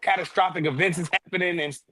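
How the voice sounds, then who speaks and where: Guy pushing his point hard on a sports panel, slightly high voice. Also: fairly even intonation, fast talker, sharp tone, a little hiss or hum. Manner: insistent, says bro and OG. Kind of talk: casual sports debate.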